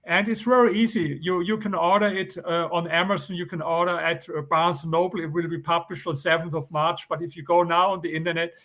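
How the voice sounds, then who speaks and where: A man's voice: on the high side, fairly even intonation, brisk, few pauses, fairly bright tone. An older man with a German accent, a guest author giving earnest, insistent interview answers and repeating his points.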